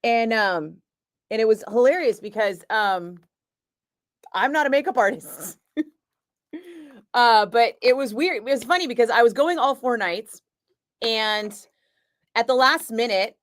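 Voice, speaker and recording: A middle-aged woman, a radio host, telling a story in a chatty, animated way and laughing often. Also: on the high side, a little slow, long pauses, no echo, studio quality. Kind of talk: casual storytelling chat.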